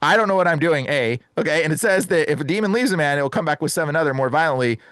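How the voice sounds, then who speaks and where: A young man, a guest exorcist, telling a story in casual chat, animated and acting out the voices, saying "bro" a lot. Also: a little high, very fast, clean tone, no echo. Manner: says "bro" and "like" often.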